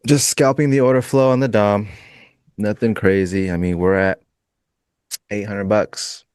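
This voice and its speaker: A man's voice: lowish voice, a little slow, clean tone, no echo, clean studio sound. A man trading futures on a live show, chatting casually and laughing often. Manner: relaxed, rambling, laughs often. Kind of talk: casual live-stream chat while trading.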